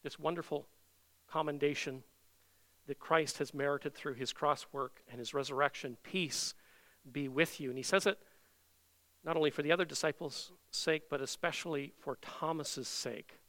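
Bright, clear-voiced male preacher. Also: fairly high pitch, steady tone. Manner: earnest, emphatic, slows down on quoted scripture. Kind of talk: expository sermon reading scripture.

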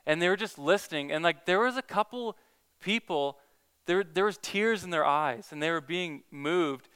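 Bright, clear-voiced man telling a story. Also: high voice, normal speed. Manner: earnest storytelling with many restarts. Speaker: Christian evangelist. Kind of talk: casual testimony talk.

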